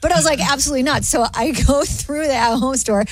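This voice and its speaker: A woman's voice: sits high, quick pace. Chatty female radio co-host. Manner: chatty, animated when quoting. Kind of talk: morning radio banter, storytelling. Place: radio studio. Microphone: close studio mic.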